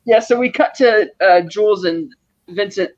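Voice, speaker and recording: A man co-hosting a podcast, retelling a movie scene by scene in a rapid, rambling casual chat. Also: high-pitched, darkish tone, muffled recording. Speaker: podcast co-host.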